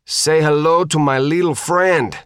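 Man voicing a brash teen girl fighter, shouting and swearing, raised pitch, storybook reading. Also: expressive, moderate pace, dry recording, studio quality. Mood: taunting. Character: tough thirteen-year-old girl fighter, brash.

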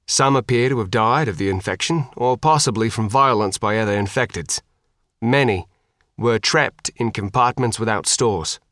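Man reading grave formal commander, measured delivery, dry recording, audiobook. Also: lowish voice, fairly bright tone, no echo, close to an everyday voice.

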